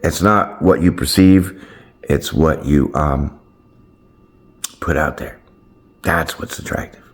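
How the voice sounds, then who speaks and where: Deep-voiced man giving a casual pep talk. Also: slow pace. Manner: keeps checking in with "right?" and "my friends"; loose, slangy and upbeat, with playful swearing. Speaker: tarot channel host. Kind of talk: casual motivational chat to camera.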